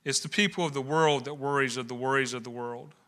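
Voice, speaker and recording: A man's voice: medium pitch, fairly even intonation, brisk, bright, forceful tone. A man preaching a sermon, building emphasis with rhetorical questions. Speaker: pastor.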